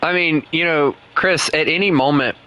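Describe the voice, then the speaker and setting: Bright-voiced Southern US gamer man. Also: a little high, moderate pace, clean tone, muffled recording. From Southern United States. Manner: playful, teasing, laughs often. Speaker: game streamer. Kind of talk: casual gameplay chat with co-players.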